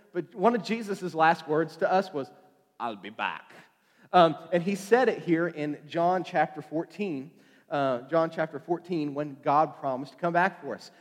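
A man preaching a casual evening sermon, chatty and joking, with lots of fillers and restarts. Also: fairly high pitch. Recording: long hall reverb.

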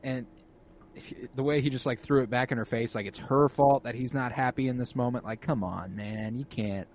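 A man's voice: medium pitch, fairly quick, a little hiss or hum. Laid-back young man, casual film chat. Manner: laid-back, swears, acts out characters' lines. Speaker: co-host discussing a film.

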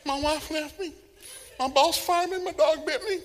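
A man voicing a whining middle-aged man who complains at heaven's gate in a high, strained, half-shouted voice, as a comic bit in a sermon. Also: moderate pace, long reverb tail. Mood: whiny.

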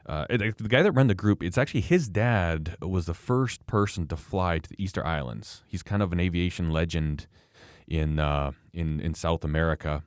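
Low-voiced man, rambling storyteller. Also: normal speed, smooth, dry recording, studio quality. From Canada. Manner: rambling storyteller, frequent restarts. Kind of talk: casual conversation.

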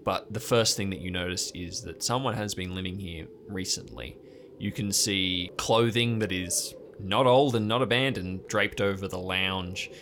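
Give me a deep-voiced man narrating a tabletop game, with faint background noise. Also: fairly bright tone. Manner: slow, descriptive scene-setting. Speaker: game master.

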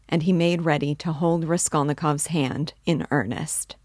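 Low-voiced woman reading a classic novel. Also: normal speed, few pauses, no room sound, clean studio sound. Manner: steady, clear narration. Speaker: audiobook reader and literature guide.

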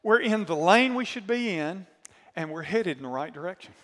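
High bright-voiced pastor preaching. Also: male voice, moderate pace, in a large hall. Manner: animated storyteller, asks the congregation questions. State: voice worn from screaming. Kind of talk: sermon with storytelling.

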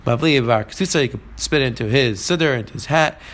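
A man's voice: mid-range voice, fast talker, a bit bright. A man teaching a Talmud class, translating phrase by phrase as he goes. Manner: translating each phrase and mixing in Hebrew and Aramaic terms.

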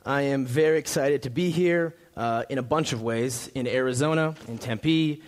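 A young pastor from Minnesota preaching a sermon, friendly and joking, with frequent fillers and restarts. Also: male voice, mid-range voice, moderate pace.

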